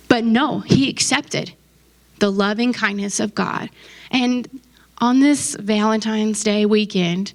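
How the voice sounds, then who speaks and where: A woman's voice: medium pitch, slow pace. Chatty, emphatic woman preaching. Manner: conversational and emphatic, with asides to the audience. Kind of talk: casual sermon.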